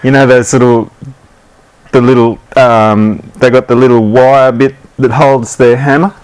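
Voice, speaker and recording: A man's voice: medium pitch, flat delivery, a little slow, a little mellow, clear, resonant tone, poor audio. An Australian man co-hosting a rugby league show, joking around and prompting his partner with questions. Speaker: podcast co-host. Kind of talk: casual sports banter.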